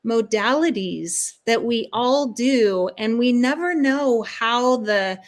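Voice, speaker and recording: A woman guest, a spiritual guide and life coach, answering interview questions in an earnest, soothing way, stringing ideas together in long flowing lists. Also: mid-range voice.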